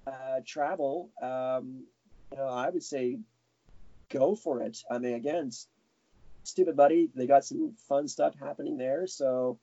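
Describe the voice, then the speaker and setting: A man's voice: fairly high pitch, dark tone, dry recording. A man being interviewed, chatting casually with lots of restarts. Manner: rambling, self-correcting, chuckling. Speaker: guest animator. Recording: dull lo-fi sound.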